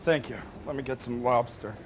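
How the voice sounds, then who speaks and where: A man's voice: medium pitch, fairly quick. A man, a chef, talking bluntly at work and swearing freely. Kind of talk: kitchen chatter. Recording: kitchen noise behind the voice.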